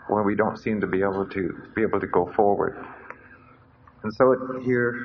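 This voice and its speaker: A man preaching a sermon at a conference, earnest, repeating his key phrases. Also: on the low side. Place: conference hall. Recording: dull lo-fi recording with faint hiss.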